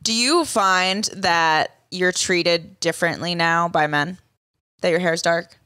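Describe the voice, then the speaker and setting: Woman from Boston, young adult, podcast co-host, brash, swearing, bright tense voice, dry sound. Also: on the low side, takes it slowly, clean tone, no echo. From Boston area. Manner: brash, swearing, laughs often. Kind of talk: casual podcast chat.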